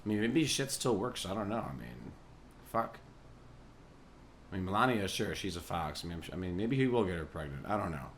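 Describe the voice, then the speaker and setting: A man hosting a podcast, rambling through a comic monologue with lots of swearing and quiet chuckles. His voice sits on the low side, and a faint hum lies under the recording. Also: sing-song, brisk. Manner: profane, meandering, chuckling asides. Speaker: podcast host and musician.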